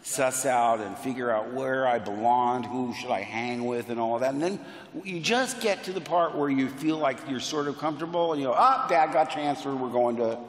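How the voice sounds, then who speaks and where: A man's voice: mid-range voice, normal speed. A man, a panel guest telling anecdotes in a playful, enthusiastic way with self-deprecating jokes. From United States. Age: 60s. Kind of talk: animated anecdotal storytelling. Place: large convention hall. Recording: roomy hall reverb on PA.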